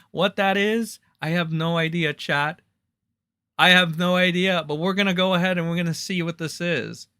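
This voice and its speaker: A man's voice: fairly high pitch, bright, forceful tone, clear, resonant tone, no room sound. A man hosting a livestream, mocking and ranting with constant swearing and lots of "like" and "all right". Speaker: livestream commentary host. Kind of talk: profane reaction commentary.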